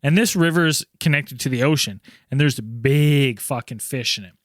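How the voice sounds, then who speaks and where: A man hosting a casual podcast, telling a story in an animated way with lots of swearing. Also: medium pitch, normal speed, no echo, clean studio sound. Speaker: podcast host.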